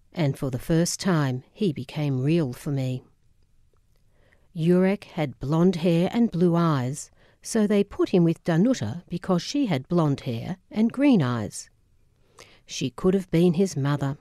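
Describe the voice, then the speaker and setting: A woman narrating a memoir audiobook in a measured, solemn way. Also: low-pitched, lively intonation, mellow, dry recording, studio quality.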